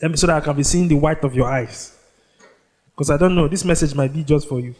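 Animated preacher man. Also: fairly high pitch. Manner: call-and-response preaching, asks the congregation to fill in words; animated, draws out scripture phrases slowly. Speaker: pastor. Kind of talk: sermon. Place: church.

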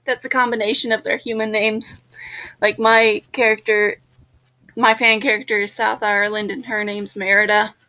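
A woman hosting a let's-play, chatting casually with bubbly, jokey energy and sudden high exclamations. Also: little pitch movement, moderate pace, pushed and bright. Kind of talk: casual gaming chat.

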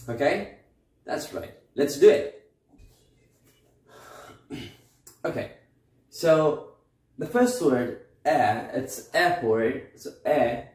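Male teacher, slow careful explanation, echoey room. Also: medium pitch. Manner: slow explanatory teaching, frequent "okay?" and "right?" checks. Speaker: English teacher. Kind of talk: recorded online English lesson.

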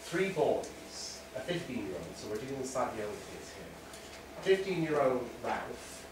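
A man's voice: mid-range voice, big pitch swings, unhurried, noisy background. A man teaching a literature lesson to a class, chatty with wry asides. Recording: echoey classroom from far off.

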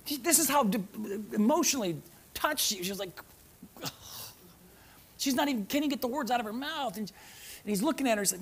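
Animated and a little fast but pausing often, the male pastor delivers a sermon in the church sanctuary. He reads scripture aloud, repeats phrases, and swings between loud, urgent emphasis and low, soft asides.

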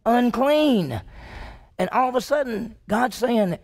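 Folksy gravelly preacher man. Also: very high voice, expressive, slow, darkish tone. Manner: folksy, conversational preaching with repeated phrases. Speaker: pastor. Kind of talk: expository sermon with acted-out retellings.

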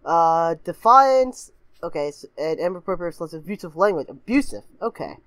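A woman hosting a reaction video, reading aloud haltingly, giggling and breaking into shrieking laughter and goofy voices. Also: lowish voice, sing-song, no room sound. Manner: frequently puts on goofy voices of kids. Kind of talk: casual reaction commentary.

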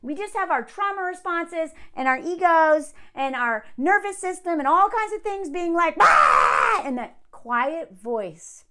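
A woman giving casual reaction commentary in an animated, exasperated and sarcastic way. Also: extremely high pitch, measured pace, few pauses, shouting. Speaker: online commentator.

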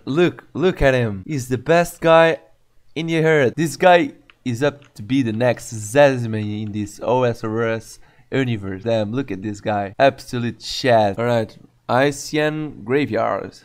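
A man giving profane, excitable, mocking commentary over his gameplay. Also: mid-range voice, unhurried. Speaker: gamer.

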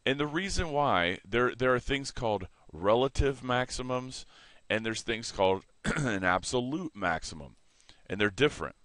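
A man teaching a math lesson in a relaxed way, correcting himself and explaining as he sketches on a board. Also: medium pitch, moderate pace, no room sound.

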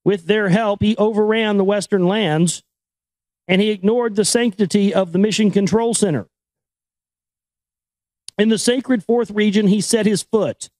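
A man's voice: high-pitched, a little mellow, no room sound, poor audio. A man reading a book aloud with casual commentary, often stumbling over names and correcting himself. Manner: stumbles over names and words, self-corrects, irreverent asides. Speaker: reader and commentator.

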